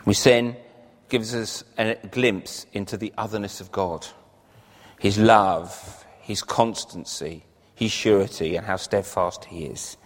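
A man's voice: fairly low pitch, fairly even intonation, takes it slowly. A man preaching a sermon earnestly, lifting his voice on key phrases. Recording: long reverb of a large hall.

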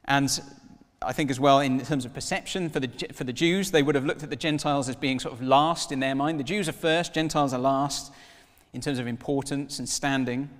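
A man in his thirties preaching a sermon, telling stories with lively acted-out dialogue. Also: medium pitch, a little fast, in a large hall. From Wales. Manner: animated storytelling, acts out dialogue in voices.

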